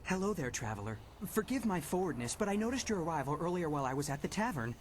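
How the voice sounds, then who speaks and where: An actor playing an earnest, friendly young inventor in a video game. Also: male voice, on the high side, big pitch swings, fast, slight background noise. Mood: eager. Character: eager young male inventor, hopeful and overlooked.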